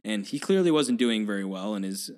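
A man's voice: on the low side, lively intonation, a little fast, darkish tone, smooth. A man in casual conversation about a film, chatty and laughing often. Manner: chatty, laughs often, quotes lines in put-on voices. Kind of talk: casual chat about a movie.

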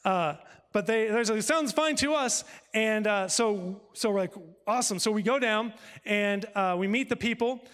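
A male pastor telling a personal story in a sermon, acting out conversations with lively shifts of voice. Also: high voice, normal speed, clean tone, big-room sound. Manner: animated, acts out dialogue with God and his wife.

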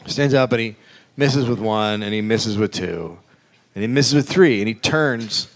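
A man's voice: on the low side, a little slow. A man co-hosting a live comedy podcast, telling a profane story and acting out the people in it. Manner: animated, profane storytelling with acted-out voices. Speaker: podcast co-host. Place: live stage before an audience.

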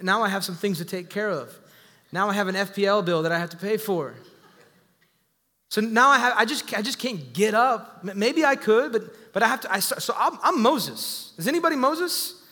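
A man preaching a sermon to his church, energetic and calling out to the congregation. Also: high voice, moderate pace. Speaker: pastor. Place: church sanctuary. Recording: echoey hall.

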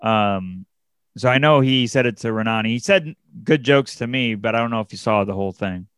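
Animated young man telling a comedy story. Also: moderate pace, clean tone, no room sound. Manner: animated, jumps up in pitch to act out quoted people, many fillers and restarts. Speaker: comedian and podcast co-host. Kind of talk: casual podcast storytelling.

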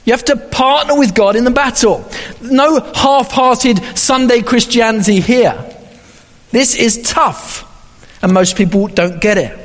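A man preaching a sermon as pastor, reading scripture and acting out quoted voices. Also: high voice. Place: church hall. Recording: long hall reverb.

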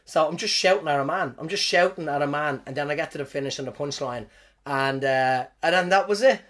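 An Irish comedian hosting his podcast, telling stories about his gigs in an animated, swearing, self-mocking way. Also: on the high side, fairly quick. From Ireland. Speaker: stand-up comedian, podcast host. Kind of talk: casual storytelling monologue.

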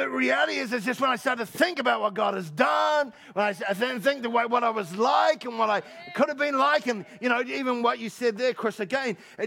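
Gravelly, high-voiced passionate male pastor. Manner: passionate, rising to shouts, with laughs and repeated words. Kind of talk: sermon. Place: church service.

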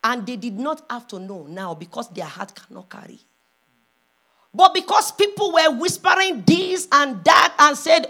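A pastor's wife preaching a sermon, moving from hushed storytelling to loud, impassioned calls. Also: female voice, sits high, sing-song, moderate pace.

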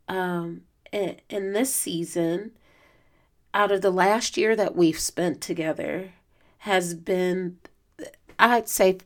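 A woman hosts her own podcast, talking to listeners in a loose, heartfelt way. Her voice sounds strained and tired from lost sleep. She wanders through thoughts with frequent fillers and restarts. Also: mid-range voice. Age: adult student. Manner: earnest, reflective, emotional, with many fillers. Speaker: podcast host. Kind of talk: casual solo podcast talk.

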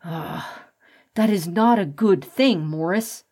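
A woman's voice: lowish voice, slow, dark tone. A woman reading a stern father rat. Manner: stern, lecturing. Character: adult male rat, worried protective father.

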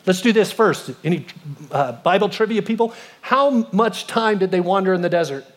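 A man in his fifties delivers a sermon in a noticeably high voice. He tells the story with animated swings, climbing to emphatic peaks and sinking to hushed lows. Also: moderate pace. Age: 50s. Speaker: pastor.

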